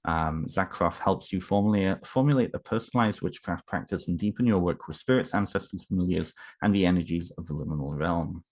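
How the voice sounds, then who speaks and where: A man unboxing books in a casual home vlog, talking haltingly with many fillers and restarts, moved and emotional. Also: deep voice, a little mellow.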